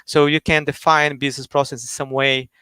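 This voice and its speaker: Man explaining software on a video call. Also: medium pitch, little pitch movement, a little fast, clear, resonant tone, dry recording. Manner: many fillers and restarts, explanatory. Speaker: guest speaker, software engineer. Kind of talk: technical explanation on a live stream.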